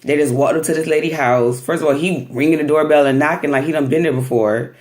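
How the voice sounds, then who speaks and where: A woman vlogger casually recapping a reality TV episode in slangy, animated talk, often acting out what people said. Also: deep voice, fast talker.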